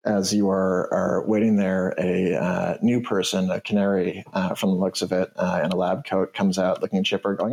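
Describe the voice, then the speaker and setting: A man's voice: low voice, level tone, gravelly, darkish tone, poor audio. Man narrating a tabletop game. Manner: halting, full of fillers. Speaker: game master.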